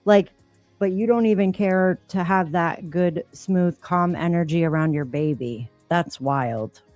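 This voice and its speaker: A woman's voice: on the low side, unhurried, a little mellow, no echo, soft background music. A woman co-hosting a casual live stream, talking bluntly and swearing freely. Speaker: co-host.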